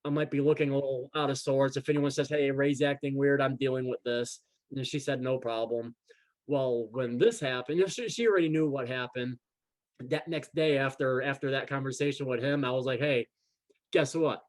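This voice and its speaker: A man's voice: mid-range voice, fairly quick. A man telling a personal story in casual chat, acting out the quoted dialogue and often repeating words as he goes. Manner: animated, acts out quoted dialogue. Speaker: guest.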